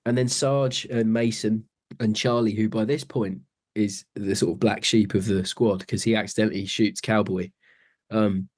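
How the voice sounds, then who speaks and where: Man, podcast co-host, low-pitched, chatty and laughing, acts out scenes. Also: steady tone, moderate pace, a little mellow. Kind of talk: casual chat.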